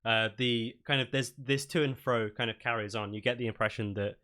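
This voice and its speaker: A man's voice: mid-range voice, fairly even intonation, brisk, sharp tone. A man narrating a tabletop game. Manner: loose, filler-heavy narration. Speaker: dungeon master.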